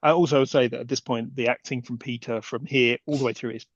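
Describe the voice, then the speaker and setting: A man's voice: medium pitch, steady tone, fast talker, husky, dry recording, lo-fi sound. A man co-hosting a film podcast, making wry, sarcastic remarks and laughing often. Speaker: podcast co-host. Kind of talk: casual film review chat.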